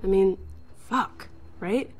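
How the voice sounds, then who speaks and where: A woman's voice: mid-range voice, takes it slowly, close to an everyday voice. An actress voicing a wary woman survivor in a video game, blunt and dry. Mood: guarded. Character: wary young woman survivor guarding a stranger.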